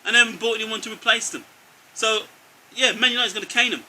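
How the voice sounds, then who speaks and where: Fast, bright-voiced indignant dad. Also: male voice, high voice, fairly even intonation, a little hiss or hum. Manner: indignant ranting, ends nearly every phrase with "mate". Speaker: co-host, father. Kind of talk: casual football banter.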